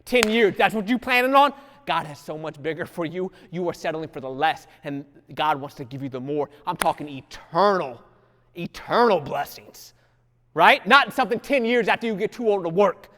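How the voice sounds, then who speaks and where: A man's voice: high voice, normal speed. Fervent preacher man, long reverb. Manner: fervent, swings from hushed to loud exhortation; casual dialect phrasing, acts out quotes. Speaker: Bible teacher. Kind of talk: preaching Bible study.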